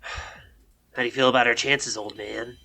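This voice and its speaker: A man's voice: medium pitch, fairly even intonation, measured pace, gravelly, bright, forceful tone, faint music behind, heavily acted. A man voicing a frustrated young woman mecha pilot in a tabletop game, impatient and exasperated.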